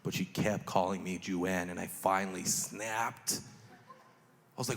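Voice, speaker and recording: A man's voice: sits low, moderate pace, gravelly. A man doing a live stand-up routine, telling crude, self-mocking stories in punchy bursts. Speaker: stand-up comedian. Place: live comedy stage. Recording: long reverb hall with steady noise.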